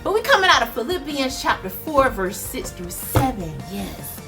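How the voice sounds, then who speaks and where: A woman recapping a TV episode in animated, dramatic casual chat, talking straight to her viewers. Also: high-pitched, normal speed. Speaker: faith TV recap vlogger. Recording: music playing behind.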